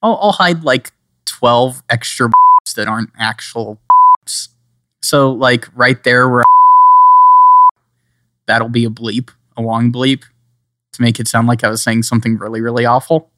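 A man's voice: mid-range voice, a little slow, pauses often, noisy background. A man co-hosting a podcast in casual, joking chat, rambling and sometimes slipping into playful put-on accents. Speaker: podcast co-host.

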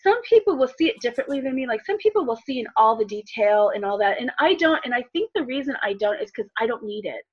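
A middle-aged woman, a life coach and healer, telling stories in an animated way with laughs, acting out the voices in them. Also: a little high, fast, hardly any pauses, slightly rough, highs cut off. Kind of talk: casual storytelling in an interview.

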